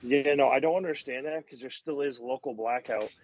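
A man's voice: medium pitch, brisk, darkish tone, no room sound. A man co-hosting a casual sports podcast, opinionated and full of fillers. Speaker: podcast co-host. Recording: dull dry lo-fi audio.

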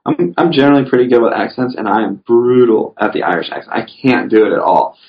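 A man's voice: medium pitch, animated, fast. A man chatting casually on a podcast as a guest, rambling through his stories with lots of "you know" fillers. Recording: dull lo-fi recording.

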